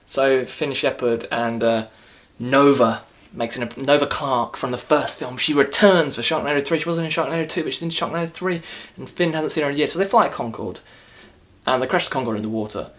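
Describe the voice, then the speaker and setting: A man rants his way through a movie review in a casual, mocking tone. He rambles, doubles back and restarts his sentences, with a voice of ordinary pitch for a man. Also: fairly quick, a bit bright.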